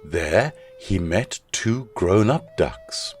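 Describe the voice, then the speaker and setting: A man, a school chaplain, narrating a children's story in an expressive storytelling manner. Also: sits low, very slow, soft background music.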